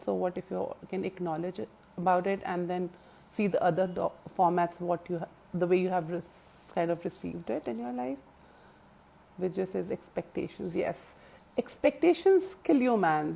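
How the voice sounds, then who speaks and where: A woman's voice: lowish voice, gravelly, warm tone. A woman hosting a live stream, talking earnestly and at length about self-help ideas and answering viewer comments. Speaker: live stream host and life coach. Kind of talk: casual live-stream coaching talk.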